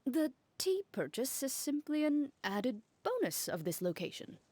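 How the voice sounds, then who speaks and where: A woman playing a composed, blunt young woman who speaks in a calm, matter-of-fact way. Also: high-pitched, measured pace, slightly rough, dry recording, exaggerated voice. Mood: dry. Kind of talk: game dialogue voice acting. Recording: game cutscene with faint music.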